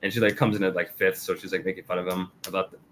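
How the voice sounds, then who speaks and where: Man, low voice, chatty review, laughs a lot, faint background hiss. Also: flat delivery, rapid-fire, a bit bright. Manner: laughs often, acts out character quotes with raised pitch. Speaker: podcast co-host. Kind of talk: casual review chat.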